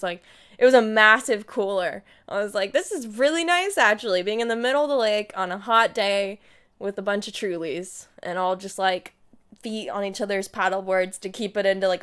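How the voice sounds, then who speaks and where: A young woman in her twenties chats casually with her livestream audience, telling a story and acting out what she and her friends said. Her mid-range voice is clear and resonant.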